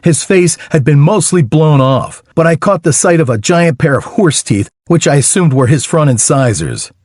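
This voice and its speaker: A man narrating a first-person audiobook in a wry, lively storytelling manner with dry humor. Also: fairly high pitch, normal speed, dry recording.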